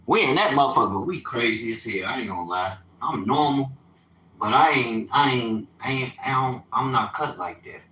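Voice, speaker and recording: A man in his fifties telling stories on a casual livestream, animated and streetwise, with sudden loud outbursts. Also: medium pitch, normal speed, roomy sound, slight background noise, poor audio. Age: 50s. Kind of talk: casual storytelling.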